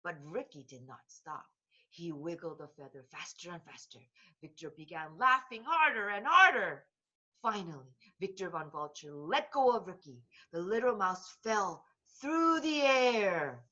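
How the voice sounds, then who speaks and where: A woman reading a children's book aloud in a slow, expressive voice. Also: fairly low pitch, muffled recording. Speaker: storybook reader.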